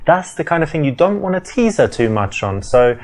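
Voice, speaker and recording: A man's voice: fairly high pitch, big pitch swings, brisk, darkish tone. A man as dating coach, explaining and advising between scenes of a game in a matter-of-fact way. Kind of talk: instructional commentary.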